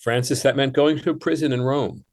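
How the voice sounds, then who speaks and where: A male guest on a radio program, talking in long, considered sentences. His tone stays measured and explanatory as he lays out his case, with an even pitch typical of a man his age. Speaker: guest writer. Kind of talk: radio interview.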